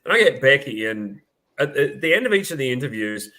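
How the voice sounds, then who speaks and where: A man's voice: medium pitch, big pitch swings, a little fast, sharp tone, poor audio. Australian man host, casual storytelling. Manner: swears freely, laughs while telling stories. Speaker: podcast host. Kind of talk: casual chat.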